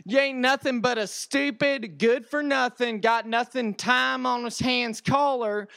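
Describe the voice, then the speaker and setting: A man's voice: extremely high pitch, fairly even intonation, measured pace, vocal fry, pushed and bright, clean tone, no echo, clean studio sound. A man delivering a brash, boastful comedic trash-talk rant as a guest on a sports radio bit.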